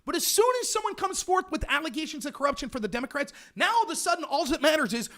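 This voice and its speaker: High-pitched animated sarcastic man. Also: fast talker, few pauses. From United States. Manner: sarcastic, mocking, ranting. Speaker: political livestream host. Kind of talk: livestream commentary reading chat.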